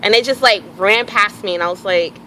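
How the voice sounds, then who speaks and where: A woman telling a personal story in a casual, animated way, acting out bits of dialogue and swearing freely. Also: medium pitch, brisk, a little hiss or hum, low-quality recording. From Houston area, Texas. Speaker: vlogger.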